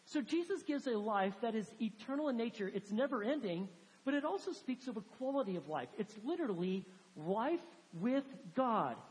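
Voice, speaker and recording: Brief: chatty, emphatic woman preacher, slightly high voice, long hall reverb. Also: a little mellow. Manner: conversational, emphatic, many fillers. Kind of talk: sermon.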